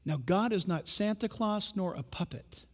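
A man preaching a sermon, telling stories with animated swings from loud bursts to hushed tones. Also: sits high, normal speed, in a large hall. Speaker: pastor.

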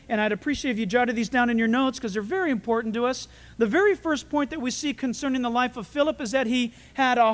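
A man preaching a sermon, animated, acting out voices and shouting for emphasis. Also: extremely high pitch. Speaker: pastor. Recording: reverberant hall.

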